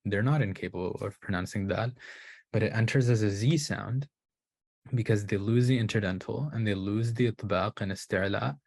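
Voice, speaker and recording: A man with a lowish, gravelly and slightly mellow voice lectures at a moderate pace on Qur'an pronunciation. He's a recitation teacher giving an explanatory lecture, thinking aloud, restarting sentences and checking in with "right?".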